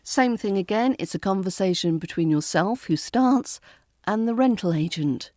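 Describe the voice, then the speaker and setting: A woman with a British RP accent teaching pronunciation, saying words slowly and deliberately and repeating them for practice. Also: mid-range voice, animated, mellow, no echo, clean studio sound. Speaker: accent coach. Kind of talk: pronunciation lesson.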